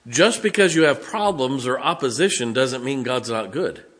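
A man's voice: medium pitch, animated, moderate pace, fairly bright tone. A man preaching a sermon, folksy, joking and blunt as a pastor speaking to his congregation.

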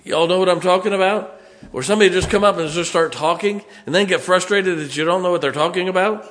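A middle-aged pastor with a drawl preaches in a church sanctuary, his voice sitting a little high for a man. He talks to the congregation in a folksy, conversational way, leaning on everyday stories to make his point. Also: fast talker, fairly bright tone, in a large hall. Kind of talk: sermon.

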